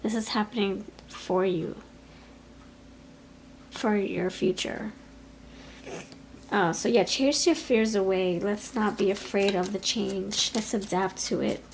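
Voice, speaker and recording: A woman giving a pick-a-card tarot reading in an expressive, chatty way, talking aloud to Spirit as she goes. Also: medium pitch, slow pace, long pauses, a little hiss or hum, low-quality recording. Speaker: tarot reader.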